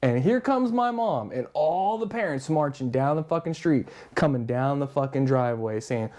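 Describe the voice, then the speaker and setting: A podcast guest tells a long story in a casual way, his medium-pitched voice moving at a moderate pace with few pauses. He swears constantly and gets animated, acting out other people's lines in their voices.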